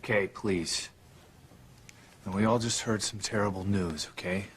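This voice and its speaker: Patient middle-aged father, low and soothing, played by an actor. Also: unhurried, slight background noise, natural voice. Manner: calming, soothing. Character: patient father calming his daughter. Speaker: father in a soap opera. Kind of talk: daytime soap opera acting.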